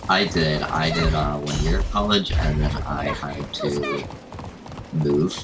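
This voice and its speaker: A hoarse young man whose voice has gone, talking in an extremely low register. He speaks haltingly, with plenty of ums, over clear game music. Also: steady tone. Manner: hesitant, with many ums. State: hoarse, has lost his voice. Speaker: gamer in a voice chat. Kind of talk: casual chat.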